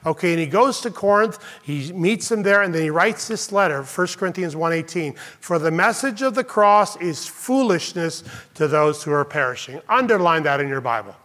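A man's voice: a little high, lively intonation, normal speed, hardly any pauses, a bit bright. A man preaching a sermon as pastor to his congregation, emphatic and stressing each phrase. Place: church sanctuary with congregation.

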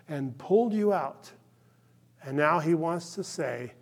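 A male pastor preaching a sermon, impassioned and then hushed, checking in with "okay?" often. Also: a little high, lively intonation, slow pace, creaky, slightly rough. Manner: impassioned, drops to hushed tones, frequent "okay?" check-ins.

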